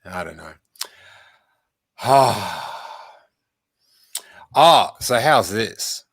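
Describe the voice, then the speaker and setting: Guy hosting a chatty livestream, jokey and rambly, bright voice, dry close mic. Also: on the low side, animated, very slow, breathy edge, dry recording. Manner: playful, joking, rambling. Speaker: podcast host. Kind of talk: casual livestream chat.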